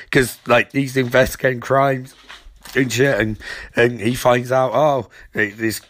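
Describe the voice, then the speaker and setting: Rambling, sarcastic man recapping a show. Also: medium pitch. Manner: rambling, stammering, swearing, sarcastic. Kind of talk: comic episode recap.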